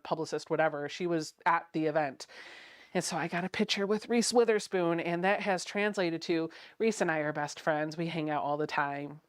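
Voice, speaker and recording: Broadcasting from the sewing room in her house, this thirtysomething livestream host has a lowish voice captured in clean, studio-quality sound with no echo. Her chat is full of giggles, and she reads out what viewers write.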